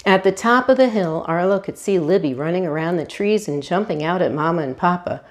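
A woman volunteer reading a children's storybook aloud, animated and asking her young listeners questions. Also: on the low side, brisk. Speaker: hospital volunteer reader.

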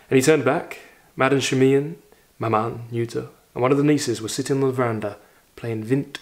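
A literature teacher reads a classic short story aloud expressively, raising his voice for quoted lines and slipping into reflective, conversational asides between passages. His pitch is in an ordinary middle register, and he reads at normal speed.

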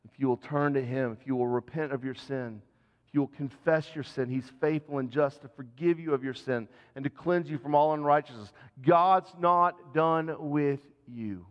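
A man's voice: medium pitch, steady tone, brisk, darkish tone, in a large hall, muffled recording. A man, a senior pastor, preaching a sermon in an earnest, conversational way and asking the congregation direct questions. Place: church sanctuary.

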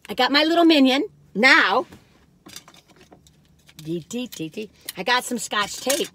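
Here the cookie-reviewing vlogger, an older woman talking to viewers from her car, rambles along with plenty of fillers and side remarks. She sounds high and very animated, speaks a little slowly with long pauses, and there's background noise.

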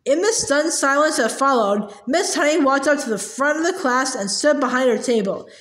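Woman narrator, high voice, expressive read-aloud, echoey room. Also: normal speed. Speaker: storybook reader. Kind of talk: chapter book read-aloud.

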